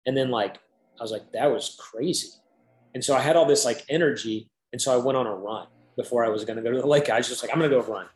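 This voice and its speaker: Guy in his 30s telling a story, says like a lot, average pitch, kinda echoey room. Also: racing. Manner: chatty, peppered with "like", acts out quoted dialogue. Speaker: interview guest. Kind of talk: casual storytelling.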